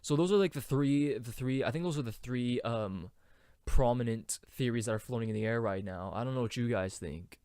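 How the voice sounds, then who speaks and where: A young man hosting a casual solo podcast, rambling with many fillers and now and then trying out falsetto singing. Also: brisk, darkish tone, smooth, no echo, studio quality. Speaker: podcast host.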